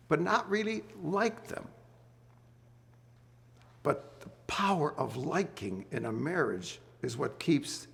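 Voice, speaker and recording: A man's voice: on the high side, vocal fry. A middle-aged man hosting a marriage study group, giving earnest Bible teaching to couples. He repeats key words and asks the group questions.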